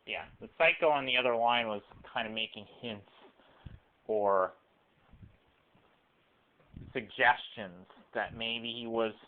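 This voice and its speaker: Man talking through tinny phone audio. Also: medium pitch. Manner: halting, full of restarts and fillers. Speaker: vlogger. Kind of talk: rambling personal monologue. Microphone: cell phone camera.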